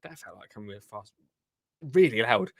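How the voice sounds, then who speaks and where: A man's voice: on the low side, lively intonation, a little fast. Chatty man hosting a live show. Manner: rambling, chatty, reads viewer comments. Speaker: gardening show host. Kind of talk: casual live-stream chat.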